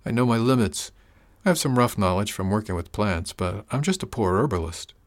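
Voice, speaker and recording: A man's voice: lowish voice, lively intonation, a little fast, close to an everyday voice. A man voicing a kindly old herbalist woman. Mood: gentle. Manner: gentle, reassuring, homely. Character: kindly older woman herbalist, motherly and wry.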